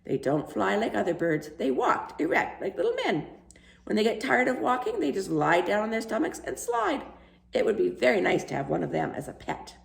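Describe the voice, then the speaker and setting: A woman voicing an enthusiastic middle-aged house painter who dreams of penguins, in a gravelly, eager, wondering way, reading a storybook aloud. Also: mid-range voice, huge pitch swings, fairly quick, pitched above the performer's own voice, full character voice. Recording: roomy echo.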